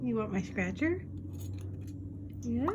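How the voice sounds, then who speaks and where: A woman's voice: on the high side, lively intonation, slow pace, muffled recording, noisy background. A woman at home talking to her parrot in playful, cooing baby talk, teasing and sing-song. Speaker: pet owner filming her parrot. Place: indoors at home.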